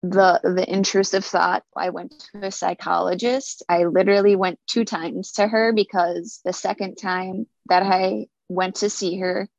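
A woman telling her own story in an earnest, halting way, sometimes repeating words. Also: medium pitch, little pitch movement, gravelly, a little mellow, no echo. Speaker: speaker sharing a personal story. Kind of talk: personal testimony. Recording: dull lo-fi recording.

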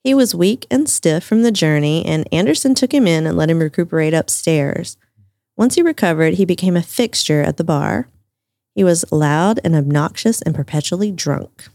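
A woman's voice: lowish voice, expressive, normal speed, mellow, no room sound, studio quality. A woman, co-hosting a podcast and telling local ghost stories in a casual, laughing way. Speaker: podcast co-host. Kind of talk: casual chat, storytelling.

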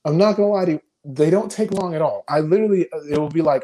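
A young man and video creator talking casually in an interview over a video call, telling frantic, animated stories full of swearing. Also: a little high, fast talker.

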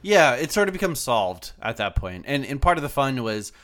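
A man co-hosting a casual gaming podcast, talking in a relaxed, halting way and often restarting his sentences. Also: medium pitch. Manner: hesitant, lots of restarts and fillers. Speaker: podcast co-host.

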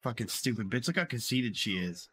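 A man streaming live, swearing a lot and yelling, with big swings between shouting and low grumbling. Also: sing-song, a little fast, slight background noise. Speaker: livestreamer.

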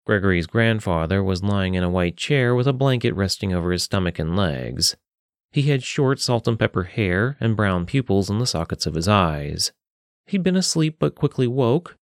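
A man narrating a short story for a podcast in a steady, unhurried reading. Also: fairly low pitch, no echo, studio quality. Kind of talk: scripted narration.

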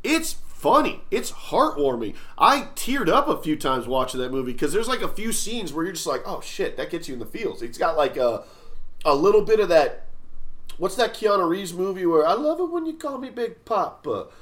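A man's voice: on the high side, sing-song, normal speed, a bit bright. A man hosting a casual podcast, rambling and swearing with lots of fillers and restarts. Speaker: podcast host. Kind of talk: casual chat.

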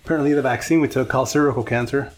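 A man's voice: mid-range voice, very fast, a crowd in the background. A man co-hosting a casual podcast, joking around and speeding up when he makes a point. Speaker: podcast co-host.

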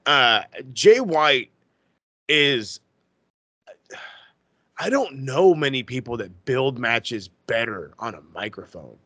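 A man chats on a podcast in a bright, forceful voice, fired up and swearing freely. The sound is close and dry, with no room around it. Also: mid-range voice, takes it slowly, pauses often, husky, no echo. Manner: excitable and profane, gushing. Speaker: podcast co-host. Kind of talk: casual chat.

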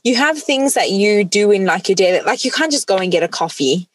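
A woman's voice: mid-range voice, expressive, brisk, no room sound. A woman in casual chat, rambling with lots of "like" and laughing often.

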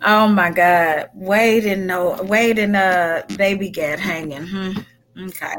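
Woman, podcast host, casual chat, slow unhurried delivery, bright tone. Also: mid-range voice, steady tone. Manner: leads the discussion, asks the group questions.

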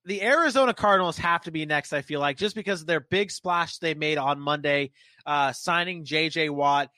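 A man hosting a casual sports podcast, animated and joking as he leads the talk. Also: a little high, moderate pace, no echo. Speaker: podcast host.

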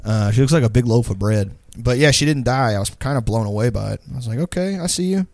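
A man's voice: on the low side, quick pace, vocal fry, no room sound. A young man telling a long, profane, rambling story in casual chat.

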